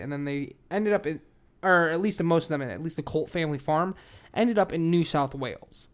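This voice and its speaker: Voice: medium pitch, clear, resonant tone. A podcast host, a little tipsy, telling a true-crime story in casual chat with heavy swearing and loose, filler-heavy delivery.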